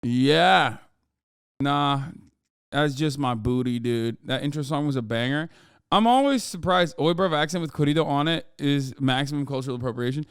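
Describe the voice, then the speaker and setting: Streaming from his home studio in Los Angeles, a thirtysomething man keeps things jokey and hyped, chatting casually and reading the chat out loud. He speaks at a moderate pace in a smooth, medium-pitched voice with fairly even intonation; the audio is clean and echo-free.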